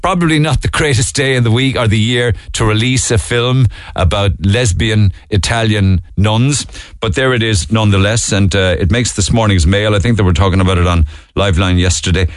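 A man's voice: lowish voice, fairly quick, no room sound, studio quality. A man with a Cork accent hosting a radio talk show, chatting casually about the day's stories with wry, joking asides. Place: radio studio.

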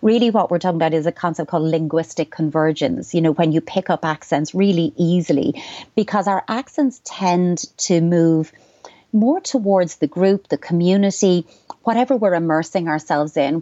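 A middle-aged Irish woman, a child psychotherapist, giving measured, reassuring advice on a radio talk show. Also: on the low side, warm tone, no echo. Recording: dull dry studio sound.

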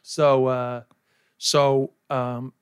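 A man's voice: medium pitch, level tone, drawn-out words, clear, resonant tone, no echo, studio quality. A man with an American accent, a comedian talking as a podcast guest in a frank, self-mocking way with plenty of swearing. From New York, USA. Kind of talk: candid casual chat.

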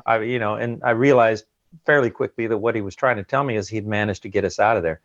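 A man as an interview guest, recounting an ordeal in an earnest, halting way and often repeating words, heard over a dull remote line. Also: on the low side, steady tone, a bit bright, no room sound. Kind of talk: emotional interview account.

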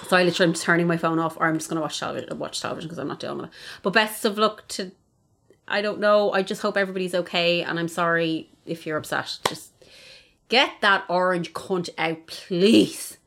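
A woman's voice: fairly low pitch, fairly even intonation, fairly quick, creaky, a bit bright. A young woman co-hosting a podcast in casual chat, blunt and sweary, laughing easily. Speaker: podcast co-host.

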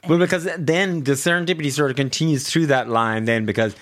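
A man's voice: mid-range voice, fairly quick, fairly bright tone. A man hosting an interview, asking questions in a wry, lightly teasing way. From Ireland. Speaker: interviewer host. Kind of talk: conversational interview.

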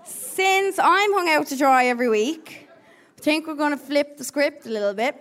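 A woman's voice: high voice, moderate pace, fairly bright tone. A young woman co-hosting a live stage show, teasing her co-host and the audience and swearing freely. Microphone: handheld stage mic. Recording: live crowd and music behind.

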